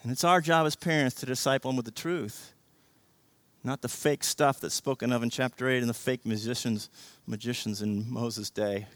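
A man preaching a sermon as pastor, passionate, swinging from hushed storytelling to loud, emphatic exhortation. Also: mid-range voice, fairly even intonation, normal speed, no room sound.

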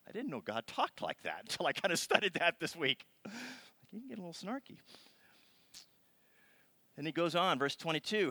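A man's voice: a little high, sing-song, moderate pace, pushed and bright, dry recording. A middle-aged man preaching a sermon as pastor, reading scripture dramatically and adding playful asides. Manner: dramatic, reads scripture with rising intensity. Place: church.

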